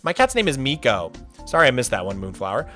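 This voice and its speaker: A man's voice: mid-range voice, wildly swooping pitch, quick pace, pushed and bright, faint music behind. A young man hosting a live stream in casual chat, reading and answering viewer messages. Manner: chatty, reads chat aloud, loose restarts. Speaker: streamer host.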